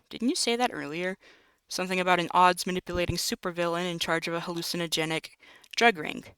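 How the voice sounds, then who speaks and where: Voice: medium pitch, pushed and bright, clear, resonant tone, dry recording, low-quality recording. A host reading a text-based game aloud, breaking in with wry jokes and asides. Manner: wry, jokey, self-interrupting. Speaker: narrator and let's-play host.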